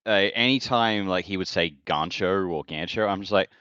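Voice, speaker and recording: A man's voice: low voice, fairly quick, sharp tone, smooth, dry recording, lo-fi sound. A man co-hosting a podcast, chatting casually in a rambling way that corrects itself as he goes. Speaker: podcast co-host. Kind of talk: casual chat.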